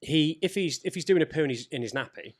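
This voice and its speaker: A man's voice: a little high, fast. A man co-hosting a podcast, telling stories in casual chat, swearing and acting out the people he quotes. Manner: animated storyteller, swearing, acts out quoted voices. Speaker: podcast co-host.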